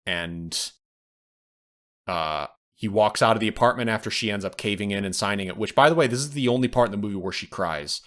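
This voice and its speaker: A man's voice: lowish voice, fairly quick, fairly bright tone. A man co-hosting a podcast, casually retelling film scenes and acting out the quoted lines. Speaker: podcast co-host. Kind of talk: casual film review chat.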